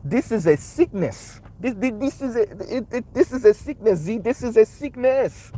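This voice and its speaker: A man putting on an East African accent to play a stern uncle who scolds slowly and keeps repeating himself. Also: very high-pitched, expressive, warm tone, voice pushed up, low-quality recording. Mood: scolding. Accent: East African, put on.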